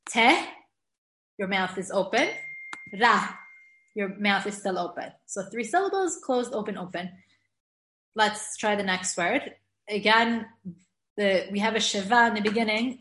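A woman teaching a relaxed grammar class, chatty and quick to laugh. She slows down to sound out example words one syllable at a time. Her mid-pitched voice rings a little in an echoey room. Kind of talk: informal classroom lesson.

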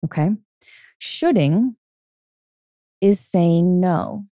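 A woman's voice: fairly low pitch, lively intonation, drawn-out words, warm tone, no echo, clean studio sound. A middle-aged woman hosting a solo podcast as a life coach, talking earnestly and often checking in with "okay?".

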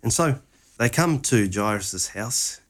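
A man's voice: lowish voice, animated, slow pace, fairly bright tone. A man retelling a Gospel story conversationally, acting out its lines with animation.

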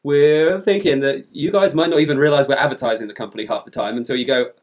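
A man co-hosts a travel podcast in easygoing conversation. He explains things at length in a chatty way and tosses in quick asides. His pitch sits in the middle of the usual range for men. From countryside upbringing. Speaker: podcast co-host. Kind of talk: casual chat.

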